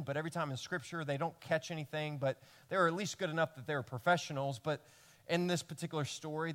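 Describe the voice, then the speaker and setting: A man preaching a sermon to his congregation as pastor, telling the stories in a lively way that swings from loud emphasis to hushed lines. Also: on the high side. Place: church service before a congregation.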